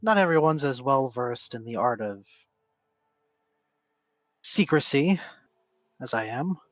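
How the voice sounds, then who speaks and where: A man running a tabletop game, answering players with a dry, wry wit. His voice sits close to the mic with no room sound at all. He speaks at an everyday middle pitch. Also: lively intonation, slow pace, a bit bright, dry recording. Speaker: game master. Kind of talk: narrating and voicing characters in a tabletop game.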